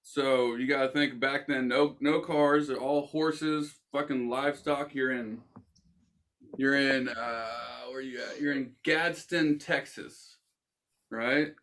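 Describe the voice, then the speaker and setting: A young man hosting a casual podcast speaks at medium pitch and takes it slowly. He's animated as he tells a story, swearing a lot and acting out the quoted voices.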